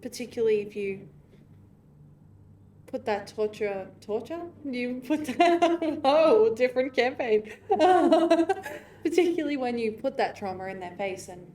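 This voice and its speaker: A woman's voice: on the high side, lively intonation, measured pace, mellow, slight background noise. Playful woman player, off-mic. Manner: giggly, playful, hesitant. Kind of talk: playing a tabletop game. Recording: distant from the mic.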